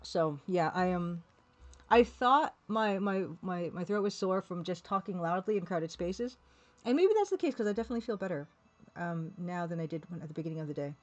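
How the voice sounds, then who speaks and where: A woman's voice: lowish voice, expressive, fairly quick, highs cut off. A woman streaming live, chatting casually and rambling while reading viewers' comments, laughing now and then. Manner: chatty, rambling, laughs often, reads chat aloud.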